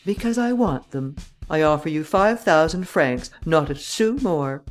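A man reading an audiobook, voicing a calm, commanding gentleman adventurer who talks with a mocking edge. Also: a little high, a little slow, faint music behind.

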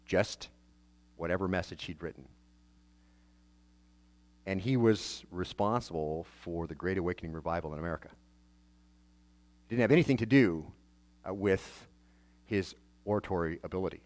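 A man's voice: sits low, moderate pace, pauses often, a little mellow. A man, a pastor, preaching a sermon in a conversational way, asking rhetorical questions and often restarting his phrases.

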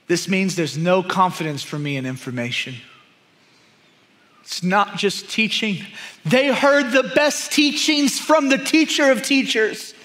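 A man preaching a sermon, emphatic and repetitive, often dropping to a hushed, intense tone. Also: high-pitched. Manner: emphatic, repeats key phrases, drops to hushed intensity.

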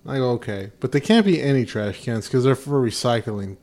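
A man co-hosting a podcast, telling an anecdote in casual chat, growing louder as he acts himself out. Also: mid-range voice, fairly quick. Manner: relaxed anecdote teller, gets louder when acting himself out. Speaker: podcast co-host.

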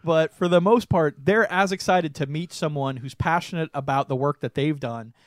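A young man co-hosting a podcast, telling a story in casual chat, animated and laughing often. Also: a little high, normal speed, no room sound, clean studio sound. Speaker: podcast co-host.

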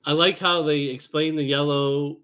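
A man's voice: fairly high pitch, steady tone, moderate pace, fairly bright tone. Laid-back man chatting about movies. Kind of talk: casual movie chat.

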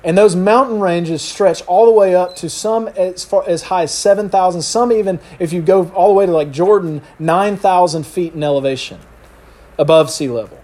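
Pastor, middle-aged man with a fairly high voice, animated sermon delivery that acts out quotes. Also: normal speed. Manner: animated storyteller acting out quotes.

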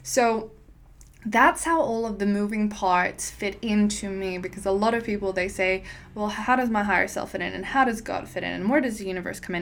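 A woman's voice: medium pitch, moderate pace, a bit bright. A woman talking as a spiritual teacher in a casual monologue, earnest and encouraging, her sentences running long and loose.

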